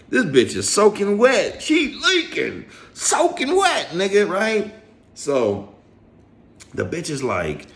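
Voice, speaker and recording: Man, casual storytelling, lively swooping pitch, echoey room, slangy and profane. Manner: animated slangy storytelling with lots of swearing. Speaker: storyteller vlogger.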